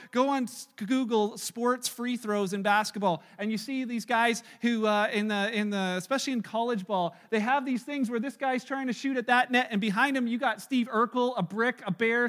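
Pastor, male, high bright voice, easygoing storyteller with jokes, church sermon. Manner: conversational, joking storytelling.

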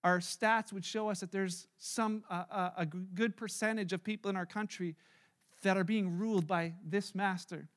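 A man preaching to his congregation in a very high, bright voice that carries plenty of force. He preaches in an animated way and slips into playful voices to act out everyday scenes. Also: normal speed. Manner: animated, acts out everyday scenarios in little voices. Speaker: pastor. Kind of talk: sermon. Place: church service.

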